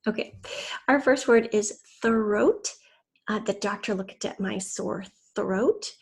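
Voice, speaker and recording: A woman teacher recording a spelling lesson for children at home, sounding out words slowly and syllable by syllable on a computer mic. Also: medium pitch. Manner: slow, clear, drills words and syllables.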